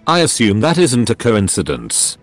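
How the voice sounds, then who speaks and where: A man's voice: on the low side, huge pitch swings, moderate pace, soft background music. A man voicing a shrewd male counselor who questions a suspect patiently and persistently, in a storybook reading. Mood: probing. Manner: probing and patient.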